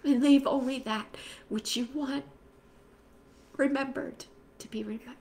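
A woman's voice: high voice, fairly even intonation, unhurried. Fervent woman leading prayer. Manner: swings from loud fervent calls to soft whispered prayer. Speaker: prayer group leader. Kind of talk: spoken prayer and encouragement.

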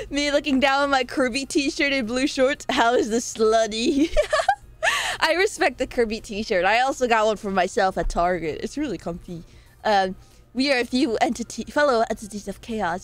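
A woman's voice: on the high side, normal speed, soft background music. A young woman streaming live, chatting playfully and rambling as she reads her chat aloud.

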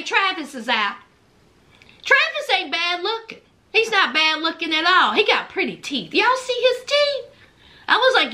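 A woman with a very high, bright, sharp voice dishes gossip about a reality show. She talks slowly and with sass, and her pitch swoops up and down in big animated arcs. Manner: sassy, gossipy, calls listeners "child" and "honey". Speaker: reality show recap host. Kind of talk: casual sassy show recap.

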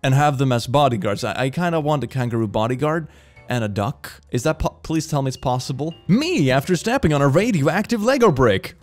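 A man giving casual, animated commentary on video clips, laughing often and breaking into quick exclamations. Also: medium pitch, soft background music. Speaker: reaction video host.

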